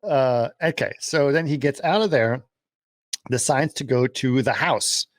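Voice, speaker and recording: A man's voice: medium pitch, a little slow, no room sound, studio quality. A man co-hosting a casual film podcast, animatedly retelling the plot and acting out the characters' lines. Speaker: podcast co-host. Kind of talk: casual film-discussion chat.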